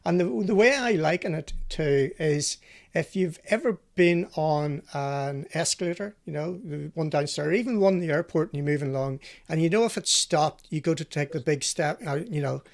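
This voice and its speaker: Brief: male host, slightly higher voice, wry chatty interviewer. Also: moderate pace, vocal fry. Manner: chatty, steering questions, wry. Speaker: podcast host. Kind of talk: casual interview chat.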